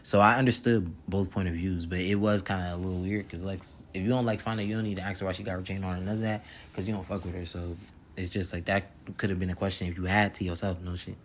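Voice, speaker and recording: Male YouTube reviewer, lower register, loose slang-heavy recap commentary that rambles and addresses the viewer. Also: little pitch movement, fast, a little hiss or hum. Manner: slangy, rambling, keeps asking "you feel me". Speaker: YouTube reality-show reviewer. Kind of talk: casual episode recap and commentary.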